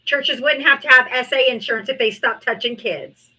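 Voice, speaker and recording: A woman's voice: high voice, moderate pace, sharp tone, slightly rough, low-quality recording. A woman hosting a live political debate stream, talking in a brash, mocking, profane way.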